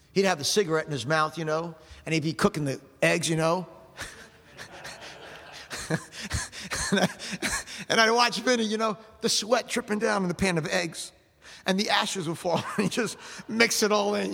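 Guy preaching, high voice, folksy rambling stories w/ amens, big echoey hall. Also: fairly quick, vocal fry, a bit bright. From South Jersey. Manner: folksy, rambling, punctuated with "amen". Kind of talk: storytelling sermon.

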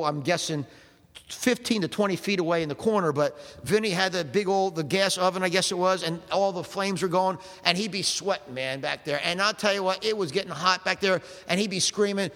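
A man's voice: high-pitched, fairly bright tone, in a large hall. A man from South Jersey preaching in a folksy, rambling storytelling way, dropping "amen" between anecdotes. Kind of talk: storytelling sermon.

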